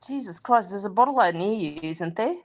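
An Australian woman from Sydney trades jokes in a casual comedy chat, her pitch leaping up and down as she talks. She sounds exasperated and swears freely, in a mid-range voice. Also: animated, moderate pace, darkish tone. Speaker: podcast co-host.

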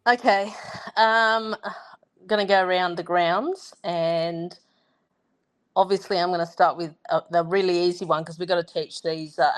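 An Australian woman in a casual podcast chat, playfully explaining local slang. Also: on the low side.

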